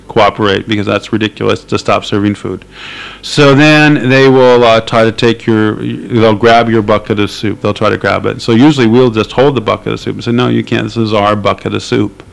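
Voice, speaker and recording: A man's voice: mid-range voice, fairly even intonation, normal speed, vocal fry, poor audio. A man being interviewed, talking casually and hesitantly with many fillers and dry laughs. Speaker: activist interviewee.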